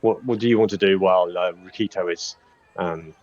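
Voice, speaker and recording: A man narrates a tabletop game as game master, pausing and restarting often. His voice sits fairly low. The audio is dull and lo-fi. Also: darkish tone. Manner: rambling, with many fillers and restarts.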